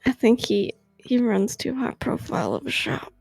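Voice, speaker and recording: A woman playing in a tabletop game gives easygoing, short replies. Her voice is fairly high with a gravelly fry. The sound is dry, and faint music runs behind it. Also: very animated, moderate pace, darkish tone, no room sound. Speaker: player. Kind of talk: casual tabletop game chat.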